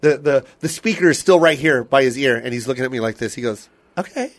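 A man's voice: mid-range voice, fast talker. A man hosting a podcast, telling a funny story in casual chat and acting out his friends' lines with lots of laughter. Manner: animated, acts out friends' voices, laughs often. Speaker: podcast host.

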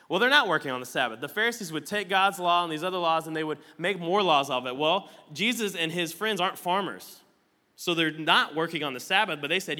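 A man's voice: fairly high pitch, animated, brisk, pushed and bright. A man preaching a sermon as a pastor, conversational and playful, with joking asides to the congregation. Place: church auditorium with slides. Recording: long hall reverb.

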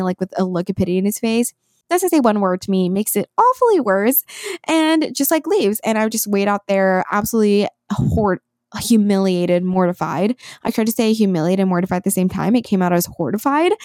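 A woman's voice: mid-range voice, darkish tone, dry recording, studio quality. A young woman hosting a podcast, telling a story in a chatty, casual way with lots of fillers. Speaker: podcast host.

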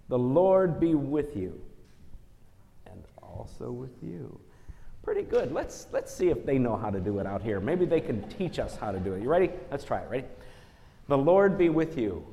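A man leading a children's message during a church service, talking gently and coaxingly as he tells a story to the kids. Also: medium pitch, very animated, moderate pace, creaky, breathy edge. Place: church sanctuary. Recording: church service audio with long hall reverb.

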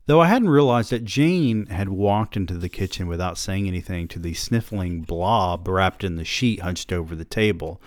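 A man hosting a podcast, reading first-person fiction aloud with measured, even narration. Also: sits low, no room sound.

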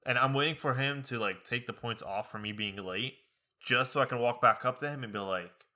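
A man's voice: medium pitch, a little fast. A young adult man telling a story in casual podcast chat, acting out the people he quotes. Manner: animated, acts out the people he quotes. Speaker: podcast co-host.

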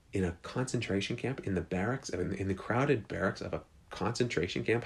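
A man preaching, telling a story in an earnest way with frequent restarts. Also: lowish voice. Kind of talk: storytelling sermon.

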